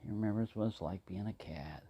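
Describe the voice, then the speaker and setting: A man's voice: lowish voice, a little fast, slightly rough, lo-fi sound. A man talking casually to the camera as he cooks, rambling, talking to himself and answering in silly voices. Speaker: outdoor cooking vlogger. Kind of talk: casual talk to camera while cooking.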